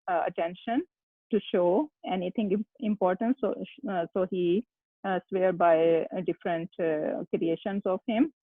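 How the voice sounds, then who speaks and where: An Arabic teacher, giving slow, halting explanations in an online class. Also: mid-range voice, no echo. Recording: tinny phone-line sound, dry.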